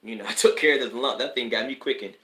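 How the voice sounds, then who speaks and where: Animated man hosting a live stream, echoey room. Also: mid-range voice, quick pace. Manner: rambling, with preacher-like bursts of emphasis. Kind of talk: casual live-stream talk to viewers.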